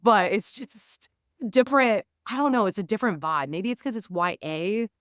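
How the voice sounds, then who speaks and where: A woman's voice: medium pitch, normal speed, no room sound, studio quality. A young woman co-hosting a podcast, chatting casually about a book and acting out scenes in mocking voices. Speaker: podcast co-host. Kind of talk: casual book review chat.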